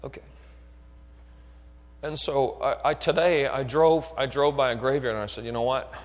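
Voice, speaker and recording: A man's voice: mid-range voice, normal speed. Preaching man in an echoing hall. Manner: builds from quiet talk to shouted fervor; asks the crowd if they are listening. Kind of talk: sermon. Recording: long echo of a hall.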